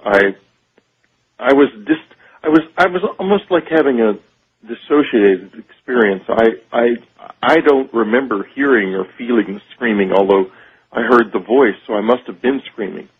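A man telling a radio host about a personal experience, halting and searching for words. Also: mid-range voice, breathy edge. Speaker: radio show guest. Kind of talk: phone-in interview, personal account. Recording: tinny phone line on radio.

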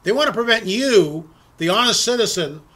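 Male talk radio host, high bright voice, indignant rants that stumble over repeated words. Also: expressive, normal speed. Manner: indignant, ranting, repeats words while restarting. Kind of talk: political talk radio commentary.

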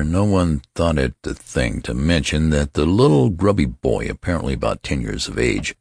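A man reading a story aloud as narrator, with expressive storytelling. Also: rumbling low, vocal fry, breathy edge, no echo, studio quality. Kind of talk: scripted audiobook narration.

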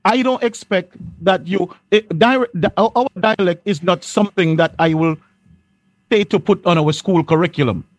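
A man's voice: sits high, moderate pace, dry recording. A man hosting a panel discussion who steers the talk and often repeats his phrases. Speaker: host.

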